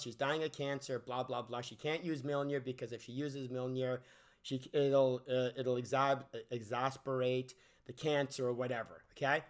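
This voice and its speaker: A man's voice: medium pitch, steady tone, moderate pace. A man giving an unscripted movie review rant, exasperated and profane, often stammering and restarting his sentences, with mocking sarcastic asides.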